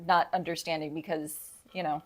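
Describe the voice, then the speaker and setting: A woman's voice: deep voice, little pitch movement, a little fast, slight background noise. A woman co-hosting a casual live-stream show, laughing often as she reads viewer comments aloud. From Texas. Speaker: podcast co-host.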